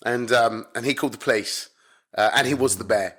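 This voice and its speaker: A man's voice: medium pitch, brisk. Blunt, sweary British man telling fishing stories. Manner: swears a lot, animated and blunt. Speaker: podcast guest, carp angler. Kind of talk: casual storytelling chat. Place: home in Spain.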